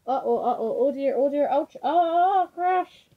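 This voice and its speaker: A woman voicing a stubborn, excitable male rabbit who hoards carrots, in a storybook reading on a dull lo-fi recording. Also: medium pitch, moderate pace, lightly acted. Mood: eager.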